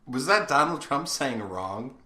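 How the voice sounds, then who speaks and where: A man's voice: medium pitch, lively intonation, measured pace, crowd noise. A young man co-hosting a casual podcast, telling rambling stories full of filler words. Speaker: podcast co-host. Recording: roomy echo.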